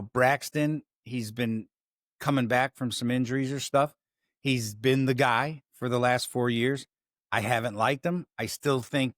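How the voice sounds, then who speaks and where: Profane, rambling Chicago sports host. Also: male voice, mid-range voice, no room sound, studio quality. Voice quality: profane, rambling, self-interrupting. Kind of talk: casual sports commentary.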